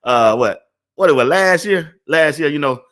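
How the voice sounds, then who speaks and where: A man's voice: fairly high pitch, lively intonation, moderate pace, a bit bright. An older man hosting a casual sports talk livestream. He laughs often and repeats phrases over and over. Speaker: sports talk show host.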